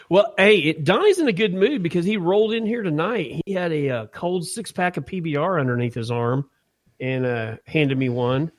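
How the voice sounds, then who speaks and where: A man co-hosts a podcast from a studio, easygoing and quick to laugh. His voice sits a little high for a man. He drops "man" and "dude" into a loose, friendly chat. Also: animated, no room sound. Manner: laid-back, laughs often, says "man" and "dude". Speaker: podcast co-host. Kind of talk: casual chat.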